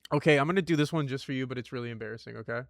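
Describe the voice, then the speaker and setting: A man's voice: mid-range voice, very fast, gravelly, dry recording, studio quality. A young man streaming a puzzle game from home, rambling and joking in slangy casual chat. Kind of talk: casual live-stream chatter.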